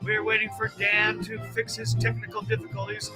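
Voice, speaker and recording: A man's voice: high voice, completely flat delivery, a little fast, over loud music. A man co-hosting a live stream show, talking in an upbeat, playful and chatty way.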